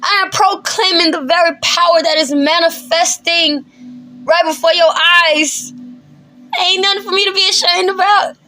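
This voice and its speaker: Speaking at a moderate pace with a steady tone, a female Bible teacher preaches with emphasis, her high voice bright and forceful. Her delivery is colloquial, and she frequently laughs between points.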